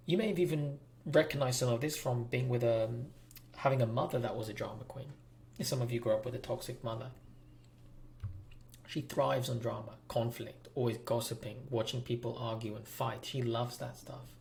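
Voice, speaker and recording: A man's voice: medium pitch, gravelly, a little mellow, a little hiss or hum. A man hosting a relationship advice talk, speaking bluntly and preachily straight to his viewers. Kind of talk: direct-to-camera advice monologue.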